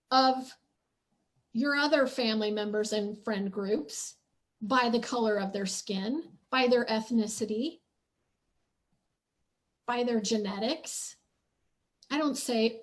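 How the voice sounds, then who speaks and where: Slow, high-voiced woman podcaster. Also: fairly bright tone. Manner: earnest, reflective, emphatic. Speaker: podcast host and spiritual teacher. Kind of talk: personal storytelling monologue.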